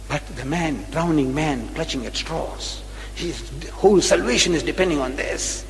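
A man's voice: a little high, very animated, moderate pace, vocal fry, a bit bright, a little hiss or hum. Male lecturer, rhetorical and repetitive, echoing hall sound. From South Africa. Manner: rhetorical, repeats phrases, questions the audience. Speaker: religious lecturer. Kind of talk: public religious debate lecture.

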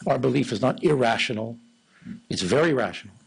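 A man delivering a religious lecture in a low, monotone voice. His tone is gravelly and a little husky, with a steady, even delivery. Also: fairly quick, rough recording. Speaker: Islamic lecturer.

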